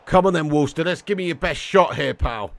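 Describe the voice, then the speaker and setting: A young man talks fast and excitably on his live stream while playing a football game. His voice sits fairly high for a man, and he jumps between cheeky banter, trash talk and loud thanks to viewers. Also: dry recording. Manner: excitable and cheeky, swears, calls viewers legend and mate.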